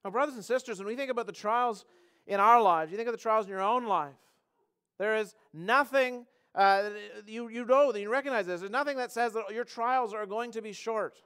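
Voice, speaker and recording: Man preaching a sermon in church, pretty high voice, clean and ringing, earnest, keeps restarting words. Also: pushed and bright, clear, resonant tone. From Canada. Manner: earnest, repeats words and restarts phrases, slows for emphasis. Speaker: pastor.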